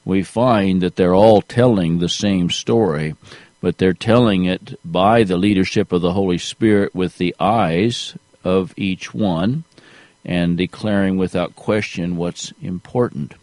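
Slow, low-voiced male preacher. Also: a little mellow, no echo. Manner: slow, deliberate preaching with rising emphasis. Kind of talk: sermon.

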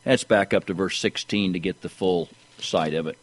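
A man's voice: normal speed, breathy edge, low-quality recording. A man preaching a sermon, reading scripture aloud and often repeating words as he restarts his thoughts. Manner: pitch jumps higher when pressing a point.

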